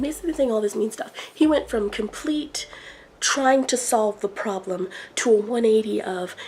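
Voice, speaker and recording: A woman with a gravelly, slightly high voice vents in a casual vlog rant. She retells a frustrating story with exasperation and acts out the lines of the people in it. Soft music plays under her voice. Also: fairly quick, low-quality recording. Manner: exasperated, animated retelling with acted quotes. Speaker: vlogger.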